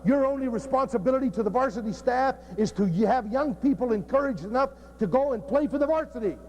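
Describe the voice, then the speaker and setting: A man's voice: very high voice, expressive, quick pace, a little mellow, lo-fi sound, slight background noise. A man who is a football coach, giving a joking, blunt, profane talk at a coaching clinic. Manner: blunt and profane, cracking jokes.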